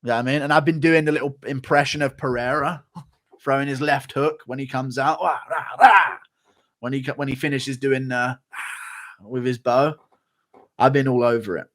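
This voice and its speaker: A young man streaming live, cursing freely and flaring up into rants between donation thank-yous. His voice sits at an ordinary middle pitch and comes through dry and close, with no room sound. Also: steady tone, fairly bright tone, no echo. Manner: profane, ranting, quick to flare up. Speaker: livestream host. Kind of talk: casual livestream chat reading donations.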